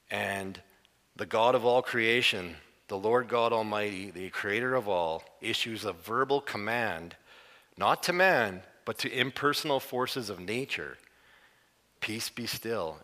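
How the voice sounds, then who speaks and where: A man preaching a sermon, telling a Bible story in a lively way and acting out the characters' panic. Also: on the low side, in a large hall. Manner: animated storytelling, acts out the disciples' panic.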